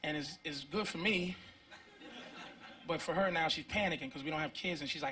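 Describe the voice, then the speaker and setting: A man's voice: on the high side, fairly quick, sharp tone. A man in his thirties doing a conversational, profane stand-up routine, acting out voices. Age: 30s. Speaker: stand-up comedian.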